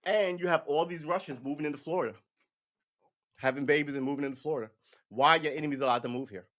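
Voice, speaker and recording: Man, livestream commentator, ranting, profane, somewhat high pitch. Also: fast talker, fairly bright tone. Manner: ranting, profane, breaks into mocking impressions. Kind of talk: casual political commentary.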